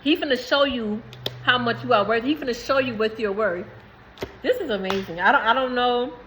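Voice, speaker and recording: A woman's voice: fairly high pitch, normal speed, fairly bright tone, slight background noise, low-quality recording. A woman in giving a rambling, emphatic spiritual message to viewers, swearing freely. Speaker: spiritual reader.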